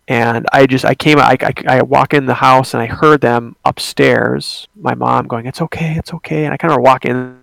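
Gravelly young man telling a story. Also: mid-range voice, steady tone, fairly bright tone, no room sound. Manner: rambling, halting, many fillers and restarts. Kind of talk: casual storytelling.

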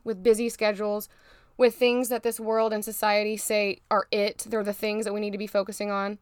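A woman's voice: medium pitch, no echo, studio quality. A young woman hosting a faith-based motivational podcast, talking in an emphatic, preachy, fired-up way to her listeners. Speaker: podcast host.

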